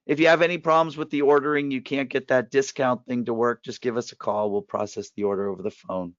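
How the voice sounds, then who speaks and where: A hoarse man with a raspy voice, presenting a trading course in a direct, persuasive webinar pitch. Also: fairly even intonation, fast, no room sound. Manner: direct, persuasive, walks through steps. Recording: dull, dry lo-fi webinar audio.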